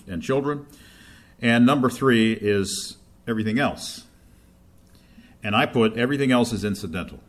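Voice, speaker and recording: A man preaching a sermon, reading scripture aloud louder and slower, then dropping to quiet asides. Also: fairly low pitch.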